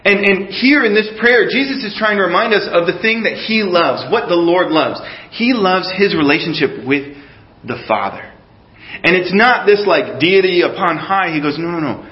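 Animated preacher man, lo-fi sound. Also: sits high, moderate pace, roomy sound. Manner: animated, questions the audience, drops to a hushed voice in guided imagery. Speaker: pastor. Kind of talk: sermon. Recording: dull lo-fi recording.

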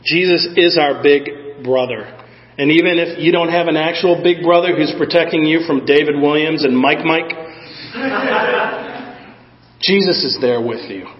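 A man's voice: fairly high pitch, unhurried, in a large hall, highs cut off. A man preaching a sermon in a conversational way, often asking the congregation "Amen?". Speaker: pastor.

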